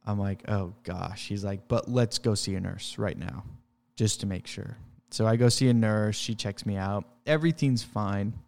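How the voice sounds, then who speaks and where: A man's voice: on the low side, normal speed, gravelly, darkish tone, in a large hall. A man who works in pest control tells a travel story casually, rambling with fillers and restarts.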